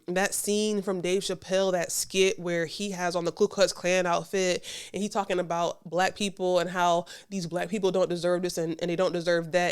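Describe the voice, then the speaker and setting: A woman hosts her podcast with an emphatic, sassy reaction commentary. Her voice sits at an ordinary middle pitch, and she talks straight to the listener. She hammers her points home by repeating them. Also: clean tone. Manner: conversational, addresses the listener directly. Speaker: podcast host.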